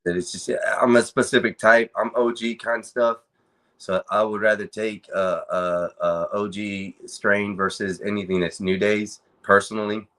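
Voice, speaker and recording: A man's voice: lowish voice, level tone, a little slow, a bit bright. A man hosting a casual panel chat, rambling and joking in a loose way.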